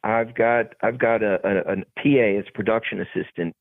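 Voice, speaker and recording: A man's voice: fairly low pitch, normal speed, no room sound. A man, a guest actor, telling stories in an interview and acting out the people in them. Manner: animated, acts out the other people in his stories. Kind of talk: storytelling in an interview. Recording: tinny phone-like sound, dry.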